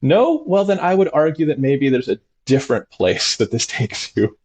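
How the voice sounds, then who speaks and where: Animated doctor telling stories. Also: male voice, moderate pace, breathy edge. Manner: acts out patients in sudden high voices. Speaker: doctor and guest. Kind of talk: animated conversational storytelling.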